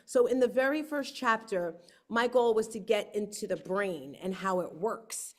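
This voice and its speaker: A woman hosting her book launch on a livestream, telling lively stories and acting out quotes. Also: medium pitch, normal speed. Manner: lively storyteller, acts out quotes. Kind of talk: casual livestream talk.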